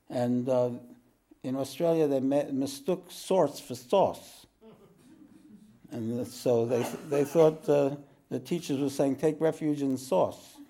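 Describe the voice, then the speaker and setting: A man from the American East Coast giving a relaxed spoken teaching to a group, clearing his throat often and joking now and then. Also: medium pitch. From East Coast of the United States. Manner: slow, wandering delivery with frequent throat clearing and jokes. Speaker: spiritual teacher.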